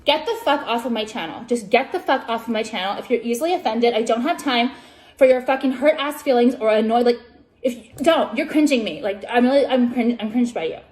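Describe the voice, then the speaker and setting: Combative, profane high-voiced woman vlogger. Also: fairly quick, darkish tone, slight background noise. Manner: combative, profane, full of "like" fillers. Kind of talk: profane vlog rant.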